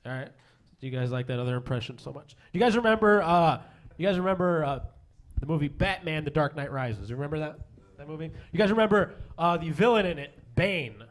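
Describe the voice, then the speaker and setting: A man doing a stand-up comedy set, self-deprecating and halting, with many fillers and restarts. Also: fairly high pitch, expressive. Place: comedy stage before a live audience.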